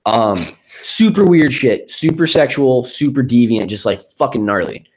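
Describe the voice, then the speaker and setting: A man's voice: mid-range voice, lively intonation, measured pace, a little mellow, poor audio. A man co-hosting a podcast, telling a story in a laid-back, casual way and swearing freely. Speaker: podcast co-host. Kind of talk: casual chat.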